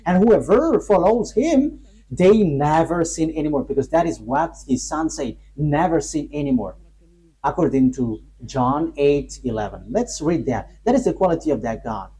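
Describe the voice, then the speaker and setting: A man preaching a sermon, emphatic and halting, rising sharply on key points between pauses and fillers. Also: medium pitch, dark tone, slightly rough, poor audio.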